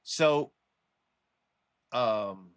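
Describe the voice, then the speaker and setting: A man talks straight to the camera in a loose, rambling monologue at a middling pitch. He stops, restarts and circles back, with an urgent, warning edge. The recording is dry and close, with no room sound. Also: very slow, smooth, no echo. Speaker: religious commentary vlogger. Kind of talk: casual monologue.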